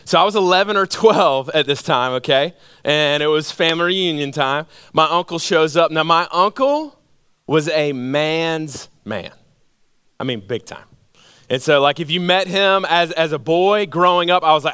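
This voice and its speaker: A man's voice: on the high side, normal speed, smooth, no room sound, clean studio sound. A man from Georgia, a campus pastor telling a story in his sermon and acting out the voices in it. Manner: animated storyteller, acts out voices. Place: church auditorium.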